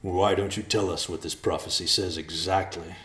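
A man voicing a short-tempered elder male bear in a storybook reading, slow and growling. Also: sits low, fairly even intonation, roomy sound. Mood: stern. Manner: growling, slow and loud when angry.

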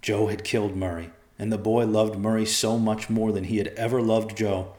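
A man narrating a dramatic story in a measured, grave manner. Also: lowish voice, level tone, a little mellow. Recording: echoey room.

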